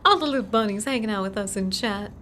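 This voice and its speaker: A woman's voice: medium pitch, fast, fairly bright tone, a little hiss or hum. A woman from Texas with a Texan accent, reading a horror story on a live stream, chatty and laughing, tripping over hard words and repeating them.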